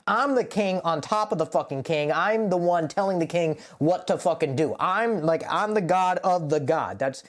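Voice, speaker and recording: A man's voice: a little high, normal speed, few pauses. A man talking casually as a rapper, explaining the meaning of his own lyrics in a rambling, profane way, full of "like.". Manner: rambling, profane, heavy use of "like". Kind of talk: casual lyric breakdown to camera.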